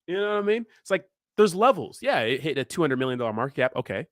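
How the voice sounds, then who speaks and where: A man's voice: a little high, very animated, quick pace, fairly bright tone, no echo, clean studio sound. A young man hosting a crypto livestream, ranting in a fired-up way and answering viewers, often asking "you know what I mean". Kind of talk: live stream chat, reacting to viewers.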